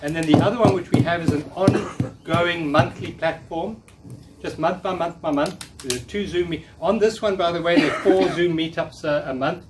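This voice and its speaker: A man's voice: on the high side, normal speed. Encouraging man coaching a live audience. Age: 50s. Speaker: workshop speaker. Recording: distant mic, faint noise.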